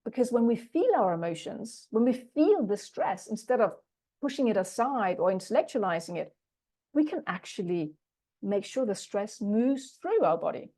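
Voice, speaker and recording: A project management coach with a warm, medium-pitched, sing-song voice speaks at a normal speed during a webinar. She tells stories about clients she has coached, quoting the coaching conversations along the way.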